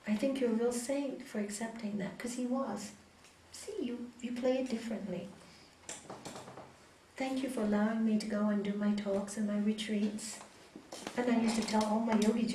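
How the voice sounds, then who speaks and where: A woman teaching a spiritual yoga course to a small group, talking in a lively way and acting out what other people say. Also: a little high, moderate pace. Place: yoga hall, indoors. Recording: echoey hall, mic far off, faint hiss.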